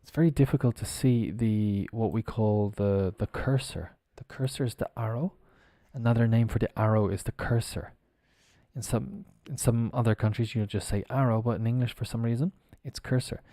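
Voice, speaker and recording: A man from Ireland teaching English on a live stream, who spells words out slowly letter by letter and explains how they are pronounced. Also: medium pitch, fairly even intonation, warm tone, dry recording, studio quality. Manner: explains pronunciation while working on screen.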